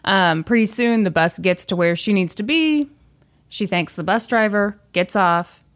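A woman tells a true crime story on a podcast in a relaxed, conversational way. Her pitch sits in the middle range, and she livens the telling by acting out the lines of the people in the story. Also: a little slow. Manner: animated, acts out quoted voices, laughs often. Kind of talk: casual storytelling chat.

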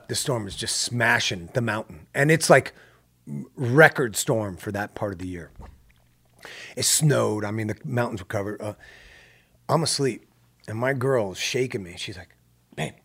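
A man telling a story in casual talk, animated and swearing, acting out what people said. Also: lowish voice, moderate pace, gravelly, long pauses, slightly rough. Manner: animated, swears, acts out quotes. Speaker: guest filmmaker.

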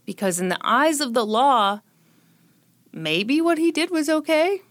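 A woman's voice: sits high, big pitch swings, a little slow, fairly bright tone, dry recording. A woman hosting a podcast who tells a true crime story and chats in a jokey, sarcastic way, short on sleep. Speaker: podcast host.

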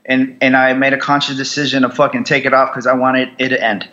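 A young man, a Marine veteran, telling his story bluntly in an interview, with heavy swearing and halting restarts. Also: mid-range voice, level tone, bright, forceful tone, muffled recording.

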